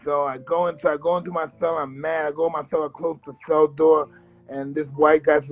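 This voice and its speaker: A man in his fifties from the United States, a guest in an interview, telling blunt, animated stories and acting out other people's voices. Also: on the high side, fairly quick, muffled recording, faint music behind. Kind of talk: candid interview storytelling.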